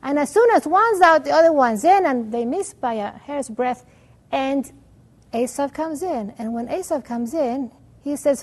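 A woman teaching religion through an animated story, with Hebrew terms woven in. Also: high voice, unhurried. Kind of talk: storytelling lesson.

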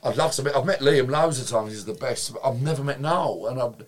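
Lively man telling stories. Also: medium pitch, brisk, crowd noise. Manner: animated, swears freely, acts out quotes, laughs while telling. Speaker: guest. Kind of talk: anecdotal storytelling in casual chat.

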